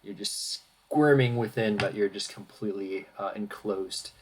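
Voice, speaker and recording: A man narrating a tabletop game as dungeon master, relaxed and hesitant with fillers. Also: fairly low pitch, unhurried, a crowd in the background.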